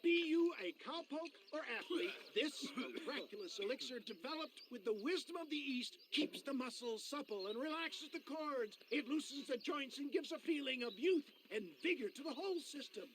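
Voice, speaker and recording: A boastful frontier elixir seller hawks his cure-all to a gathered crowd. pitched high and theatrical in a game scene, with a faint hiss behind. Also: lively intonation, normal speed, few pauses. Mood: pitchman patter. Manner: showy carnival pitchman patter. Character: boastful old-west male snake-oil salesman. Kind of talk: video game dialogue.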